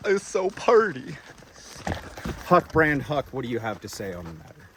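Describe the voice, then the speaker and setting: A young adult man vlogs while hiking a mountain trail, a bit out of breath, rambling into a handheld camera through an opinionated rant full of fillers. His medium-pitched voice is very animated, fast, pushed and bright. There's slight background noise outdoors.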